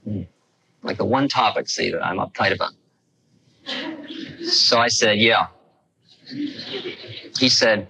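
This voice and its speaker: A man's voice: on the low side, slow, vocal fry, pauses often, sharp tone, low-quality recording. A man in his thirties from the United States, giving a lecture as a wry, conversational storyteller in a 1969 recording. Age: 30s.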